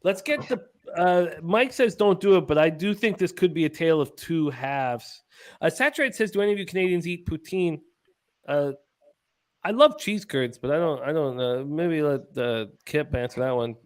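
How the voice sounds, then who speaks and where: A man's voice: a little high, animated, normal speed. Upbeat man hosting a betting show. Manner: upbeat, hypes bets, reads chat. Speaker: sports betting show host. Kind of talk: casual sports betting chat.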